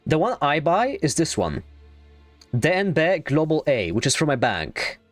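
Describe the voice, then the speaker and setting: Young man, streamer, excitable rambling chat, lively pitch, dry close mic, faint background music. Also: unhurried, no room sound. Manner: rambling, excitable, swears freely. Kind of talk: casual gaming stream chat.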